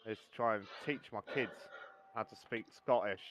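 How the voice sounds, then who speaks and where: A man's voice: lowish voice, normal speed, lo-fi sound, over loud music. Joking, foul-mouthed gaming streamer man. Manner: joking, swears freely, storytelling. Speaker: sim racing co-op streamer. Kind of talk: casual gaming banter.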